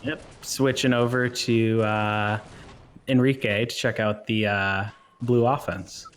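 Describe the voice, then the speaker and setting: Low-voiced joking male game co-caster. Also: steady tone, takes it slowly, smooth. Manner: joking and laughing often between play-by-play. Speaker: co-host and game commentator. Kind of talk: live esports commentary.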